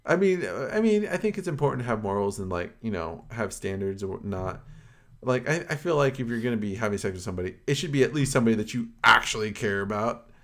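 A man's voice: medium pitch, expressive, quick pace, fairly bright tone. A man co-hosting a casual podcast, rambling with lots of filler words and retelling stories. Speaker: podcast co-host. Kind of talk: casual chat.

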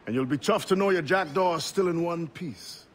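An actor playing a calm, loyal pirate quartermaster who speaks in a measured way, in a game cutscene. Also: male voice, fairly high pitch, slight background noise, lightly acted. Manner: calm, measured and warm toward a friend.

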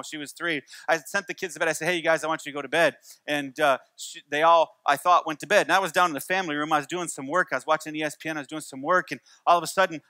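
A man's voice: fairly high pitch, bright, forceful tone, no echo. A man in his forties preaching a church sermon, telling stories with wry humor and repeating key lines. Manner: storytelling with wry humor and repetition. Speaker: pastor.

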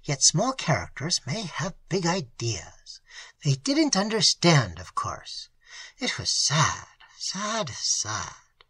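A reader voicing a fervent, hoarse old pastor. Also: mid-range voice, huge pitch swings, takes it slowly, sharp tone, no room sound, exaggerated voice. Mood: grave. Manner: fervent, emphatic.

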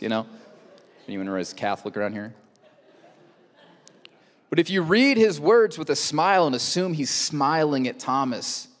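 A male pastor preaching a sermon in a conversational way, with rhetorical questions and joking asides. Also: fairly high pitch. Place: church auditorium. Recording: long church hall reverb.

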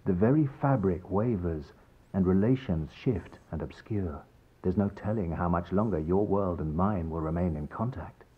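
A courteous knight of the sun speaks with a very low, husky voice. His talk is formal, earnest and genial, the way a video game character offers an alliance. The game audio sounds dull and lo-fi. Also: normal speed.

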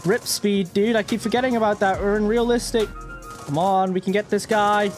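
A young man streaming a flight game, joking and reacting loudly, swinging between mock calm and yelling. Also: high voice, normal speed, faint music behind. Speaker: gaming streamer. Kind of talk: live gameplay commentary.

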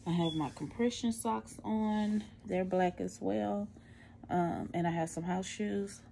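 A woman's voice: mid-range voice, steady tone, slow pace, creaky, warm tone, slight background noise. A middle-aged woman, chatting candidly to a phone camera at home, out of breath and tired after surgery. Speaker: vlogger. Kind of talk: casual post-surgery recovery vlog.

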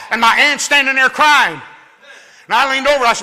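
A man tells his life story from a church platform in a very high, piercingly bright voice, swinging from hushed asides into shouted punchlines. His comic, animated preaching rings out with the long reverb of a large hall. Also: moderate pace, vocal fry. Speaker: guest speaker giving his testimony. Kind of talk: comic testimony preaching to a youth rally.

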